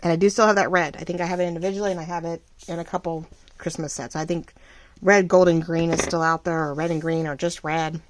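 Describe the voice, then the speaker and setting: A middle-aged woman running a small shop, chatting casually and rambling while she crafts, full of fillers and lively ups and downs. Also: on the low side, fast. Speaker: craft vlogger and shop owner.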